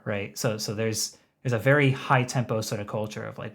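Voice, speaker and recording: A man with a fairly low voice hosting a casual podcast conversation. He speaks in a measured, thoughtful way, with the odd filler. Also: steady tone, creaky, fairly bright tone. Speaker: podcast host.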